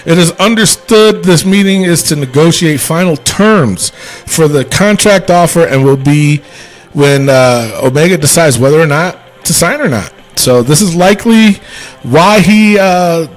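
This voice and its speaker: A man with a fairly high voice, co-hosting a casual podcast. He talks in long, rambling runs, gets animated, and laughs often. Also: unhurried, faint music behind. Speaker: podcast co-host. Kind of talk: casual wrestling chat.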